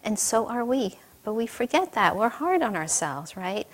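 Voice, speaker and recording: A woman's voice: on the high side, big pitch swings, moderate pace, few pauses. A woman giving a sermon, telling stories in a conversational way with light laughter and questions to the audience. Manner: warm storytelling with light laughter. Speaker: spiritual teacher. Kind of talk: sermon with storytelling.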